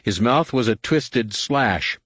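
A man narrating an audiobook in a measured, dramatic storytelling manner. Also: mid-range voice, expressive, a bit bright, dry recording. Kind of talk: scripted narration.

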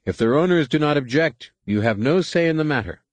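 A man voicing a hostile male alien dockworker who speaks for an angry mob, shouting and defiant. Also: a little high, lively intonation, fairly quick, no echo, voice pushed up, natural voice.

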